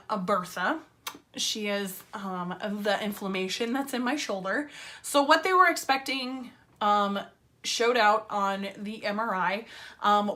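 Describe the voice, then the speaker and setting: A woman's voice: mid-range voice, pushed and bright. A woman telling a casual story-time vlog in a chatty, filler-heavy way, with wry sarcasm. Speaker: vlogger.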